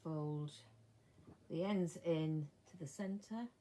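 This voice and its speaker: A woman's voice: low-pitched, very slow. Chatty older woman sewing. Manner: chatty, talks to herself while she works, drops to soft mutters. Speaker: sewing vlogger. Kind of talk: casual chat while sewing. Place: home sewing room. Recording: clear sewing machine noise behind.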